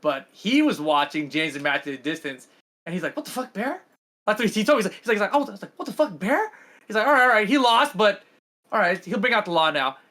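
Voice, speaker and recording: A man on a casual gaming podcast, telling a tournament story quickly and emphatically. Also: high-pitched, animated, bright, forceful tone. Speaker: podcast co-host.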